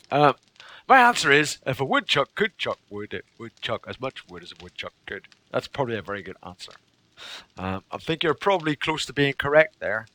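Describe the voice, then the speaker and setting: A man's voice: medium pitch, very animated, a little fast, sharp tone, a little hiss or hum. A man streaming a game, rambling goofily and stumbling through tongue twisters. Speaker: gaming streamer. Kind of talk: playful live-stream chatter.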